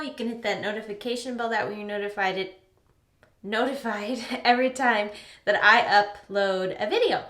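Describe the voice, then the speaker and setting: A woman's voice: fairly high pitch, fairly bright tone. Chatty woman in an echoey bathroom. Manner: chatty, upbeat, talks while doing her routine. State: slightly out of breath. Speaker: beauty vlogger. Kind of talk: casual skincare tutorial. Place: bathroom at the sink. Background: running water from the tap.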